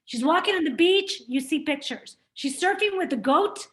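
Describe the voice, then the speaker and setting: A woman's voice: high-pitched, expressive, moderate pace, noisy background. A woman facilitating a business workshop, speaking in an encouraging, conversational way. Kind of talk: workshop discussion.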